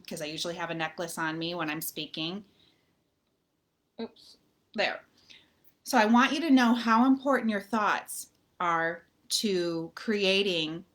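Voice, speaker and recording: Hosting a live video, this woman, a motivational author who runs a group, talks chattily to "you guys," wandering a bit with plenty of fillers and restarts. Her mid-range voice sounds pushed and bright.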